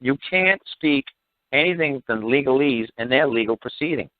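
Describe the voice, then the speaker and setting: A man's voice: medium pitch, animated, normal speed, no echo. A man hosting a call-in show, talking bluntly and repetitively with exasperation and some swearing, heard over a narrow phone-like line. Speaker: radio show host.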